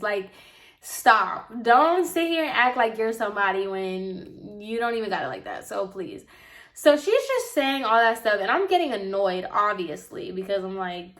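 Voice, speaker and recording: A young woman vlogger and apprentice hairstylist telling a casual story, talking fast and loose with lots of "like", sounding exasperated. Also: medium pitch, lively intonation. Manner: chatty, exasperated, heavy use of "like".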